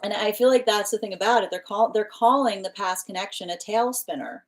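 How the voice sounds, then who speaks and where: A woman giving a live tarot reading, talking in a rambling way with many restarts and repeated phrases, breaking into sudden animated bursts. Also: brisk, low-quality recording. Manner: bursts into laughter and animated pitch jumps. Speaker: tarot reader.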